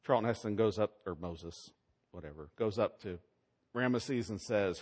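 A man preaching a sermon, swinging between loud, emphatic lines and hushed asides. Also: on the low side, moderate pace. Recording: long hall reverb.

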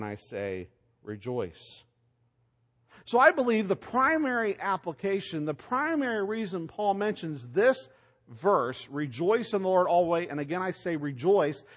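A man preaching a sermon, emphatic, asking rhetorical questions and swinging between loud lines and soft ones. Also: fairly high pitch. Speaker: pastor.

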